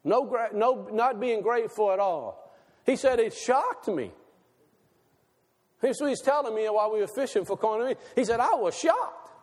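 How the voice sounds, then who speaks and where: High-voiced preacher in a reverberant hall. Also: male voice. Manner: asks the audience questions, slows for emphasis. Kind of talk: sermon.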